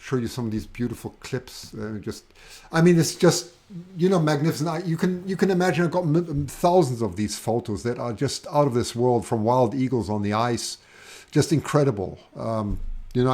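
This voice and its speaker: A man's voice: mid-range voice, darkish tone. German-accented man hosting a livestream. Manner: enthusiastic, halting, many restarts. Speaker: host of a livestream. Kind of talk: casual live-stream chat.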